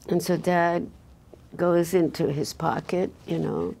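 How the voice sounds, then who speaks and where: Older woman, low gravelly storytelling voice. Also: darkish tone. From Belgium. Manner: halting, with frequent restarts. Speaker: oral history interviewee. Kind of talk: oral history recollection.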